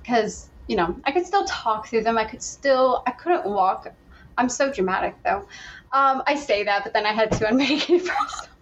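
A woman's voice: a little high, animated, normal speed, slight background noise. A young adult woman, a podcast guest, telling her story in a chatty, casual way, laughing often and acting out what she said back then. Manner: chatty, laughs often, acts out her own past lines. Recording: dull lo-fi sound.

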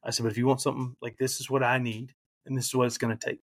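A man's voice: medium pitch, little pitch movement, rapid-fire. A man in his thirties, a podcast guest, candidly and reflectively telling a personal story, emotional at times.

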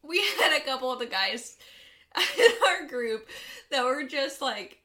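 A woman's voice: high voice, animated, unhurried, bright, forceful tone. A woman in her thirties co-hosting a podcast, telling rambling stories with frequent laughter. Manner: rambling storyteller, laughs often. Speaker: podcast co-host. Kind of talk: casual chat.

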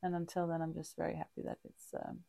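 Low, deeply gravelly woman talking candidly. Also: flat delivery, dark tone, dry recording, clean studio sound. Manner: halting, frequent restarts and fillers; open and reflective. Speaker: podcast co-host. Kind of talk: candid casual chat.

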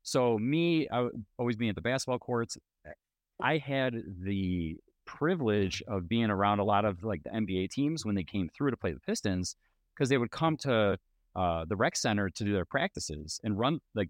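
A man chatting casually on a podcast, relaxed and rambling with fillers. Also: on the low side, normal speed, dry recording, clean studio sound. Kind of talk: casual chat.

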